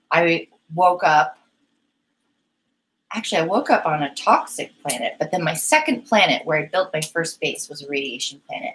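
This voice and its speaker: A woman's voice: fairly low pitch, fairly bright tone, rough recording. A young woman hosting a painting live stream, chatting casually and giggling as she talks to her chat. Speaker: painting livestream host.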